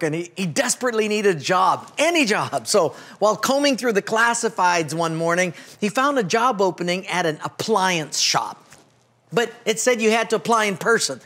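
A man's voice: high voice, a bit bright. A man preaching as a pastor, telling a humorous story and acting out its characters in a folksy way. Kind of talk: sermon with storytelling.

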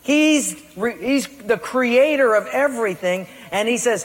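A male pastor preaches with emphasis, pressing the congregation with question after question. His voice sits high for a man, and the long reverb of a big hall trails every phrase. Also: animated, measured pace. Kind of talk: sermon.

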